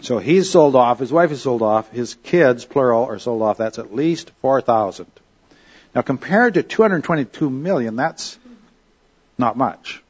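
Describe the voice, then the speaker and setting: A Bible teacher with a middle-pitched voice runs a relaxed, conversational Bible study, constantly checking in with "okay?" and "all right?". He speaks at a measured pace with a breathy edge, and the recording sounds dull and somewhat lo-fi.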